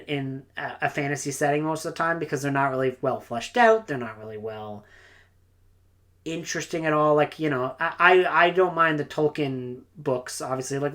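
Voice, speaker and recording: A woman reviewing books in a casual, rambling monologue, enthusiastic and full of "like" and "uh". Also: extremely low pitch. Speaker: book reviewer.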